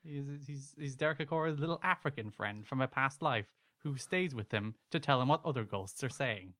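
A male podcast co-host in loose, joking conversation. His voice sits at a middle pitch, and he often breaks into laughter or drops into mock-serious asides. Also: expressive, a little fast, a bit bright. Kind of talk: casual podcast banter.

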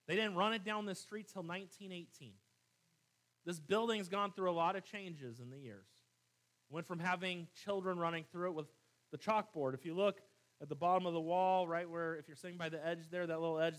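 Man, middle-aged, pastor, slightly high voice, casual preaching that swells into emphatic bursts, small church room. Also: moderate pace. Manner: conversational preaching, rising to emphatic, animated. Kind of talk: sermon.

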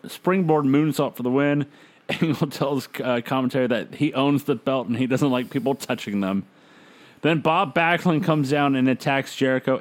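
A man hosting a podcast, casually recounting events with frequent "uh" fillers. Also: medium pitch. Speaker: podcast host recapping wrestling. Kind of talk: casual recap chat.

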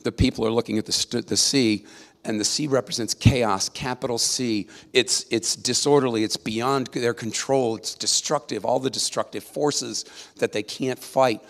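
A man's voice: mid-range voice, steady tone, normal speed, creaky, a bit bright. A man preaching a sermon in a conversational, emphatic way, often checking in with his listeners. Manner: conversational, emphatic, with tag questions. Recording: long reverb of a large hall.

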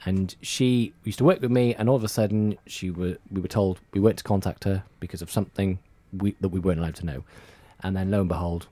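A deep-voiced man talks casually in a radio studio interview. He rambles and doubles back on his words as he tells stories. The sound is close and dry. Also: fairly even intonation, fast talker, few pauses, warm tone, dry recording. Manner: chatty, rambling with many repeated words. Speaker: hospital radio presenter.

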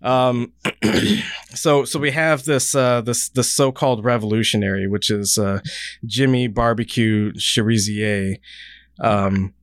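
A man's voice: medium pitch, steady tone, slow pace, dry recording, clean studio sound. A man hosting a podcast in casual chat, rambling and swearing freely as he talks. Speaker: podcast host.

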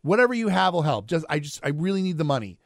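A man's voice: a little high, very animated, fast talker, dry recording, clean studio sound. A man voicing a tiny voice in someone's leg, pleading and wheedling for money in a joke story. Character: tiny begging voice in a man's leg.

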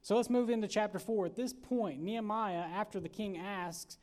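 A man delivers a folksy, chatty sermon from a church, telling stories with lots of fillers. His voice sits a little higher than most men's, and he acts out little asides as he goes. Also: moderate pace, darkish tone. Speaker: pastor. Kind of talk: casual storytelling sermon. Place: church sanctuary.

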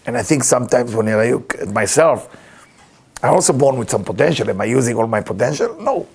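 Gravelly, husky male teacher, lively swooping delivery, chuckling storyteller. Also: mid-range voice, brisk. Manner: animated, chuckling storyteller with broken English. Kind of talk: storytelling spiritual lesson.

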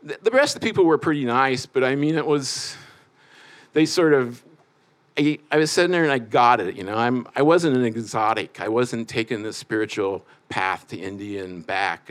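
Midwest guy spinning a wry story about himself, regular mid voice, chatty and self-deprecating. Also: mid-range voice. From Midwest United States. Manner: wry, self-mocking, conversational with fillers. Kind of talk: live personal storytelling.

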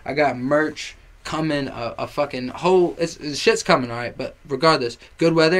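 A young man as a podcast guest, talking in an excitable, casual way, swearing freely and spelling things out letter by letter. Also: a little high, normal speed, few pauses. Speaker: guest musician.

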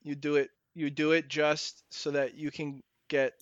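A man's voice: on the high side, flat delivery, measured pace, dry recording, dull audio. A man co-hosting a podcast, explaining things in a rambling, self-mocking way. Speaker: podcast co-host. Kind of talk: casual chat.

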